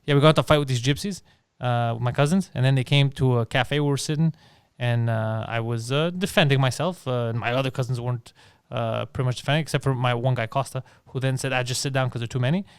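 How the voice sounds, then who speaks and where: A man's voice: medium pitch, quick pace, clean tone, dry recording, studio quality. A man co-hosting a casual comedy podcast, telling stories in a brash, teasing way. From Greek family background. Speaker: podcast co-host.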